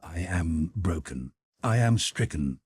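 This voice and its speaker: A man reading the part of a grieving, humiliated middle-aged nobleman, halting and full of self-pity. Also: deep voice, animated, a little mellow, husky, voice pushed down, exaggerated voice. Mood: anguished. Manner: halting, self-pitying, anguished. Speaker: character in audiobook.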